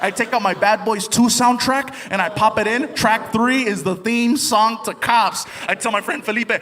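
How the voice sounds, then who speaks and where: Animated high-voiced comedian in a big hall. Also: male voice, normal speed, hardly any pauses. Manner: animated, jumps between voices. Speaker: stand-up comedian. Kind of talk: stand-up storytelling. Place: large comedy venue. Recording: live hall with audience noise.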